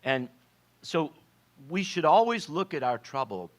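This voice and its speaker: A man's voice: medium pitch, normal speed. A man preaching an informal sermon in a conversational way, with rhetorical questions and frequent restarts. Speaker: pastor.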